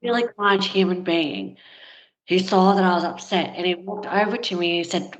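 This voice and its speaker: A woman's voice: fairly low pitch, moderate pace. A woman guest candidly telling a personal story in conversation, frank and unpolished, with plenty of filler words. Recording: dull, lo-fi sound.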